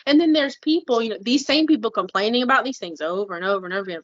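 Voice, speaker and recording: A woman's voice: fairly high pitch, lively intonation, fast, hardly any pauses, a bit bright, dry recording, lo-fi sound. A woman co-hosting a podcast in casual chat, blunt and fired up, swearing freely. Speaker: podcast co-host.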